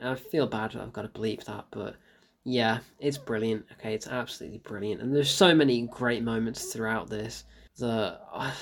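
A man chats through a film review in a loose, casual way. He gets excitable, breaks into laughter often and repeats lines for emphasis. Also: mid-range voice.

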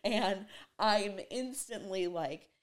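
A woman's voice: mid-range voice, slow pace. A young woman vlogging, telling a personal story in a rambling, emotional way, full of "like". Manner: rambling and emotional, heavy use of "like". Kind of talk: casual storytelling to camera.

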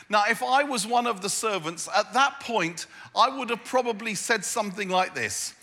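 Male preacher, high bright voice, playful repetitive delivery, big reverberant hall. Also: lively intonation, a little slow. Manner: humorous, self-deprecating storytelling with repeated phrases. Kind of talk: sermon. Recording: echoey hall.

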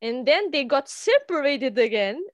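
A woman's voice: sits high, very animated, unhurried, no room sound, dull audio. A woman co-hosting a book podcast, chatting casually and teasing her co-host with blunt remarks. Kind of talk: casual chat.

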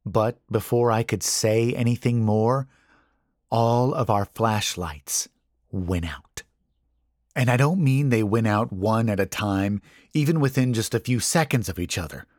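Guy reading a creepy story real slow, low voice, hushed and tense. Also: no room sound, studio quality. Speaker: narrator. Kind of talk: scripted horror story narration.

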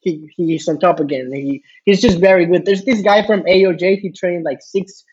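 A podcast guest, a man with a high, husky voice, chats in a loose, rambling way full of fillers and restarts. The recording sounds dull and a little lo-fi. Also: moderate pace, a little mellow. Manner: rambling, many fillers and restarts, laughs often. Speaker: podcast guest, jiu-jitsu student. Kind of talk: casual storytelling chat.

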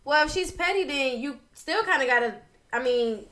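A woman's voice: high voice, lively intonation, moderate pace, pushed and bright. A woman co-hosting a podcast, chatting casually and frankly, reading listener questions and laughing often. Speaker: podcast co-host. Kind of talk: casual chat.

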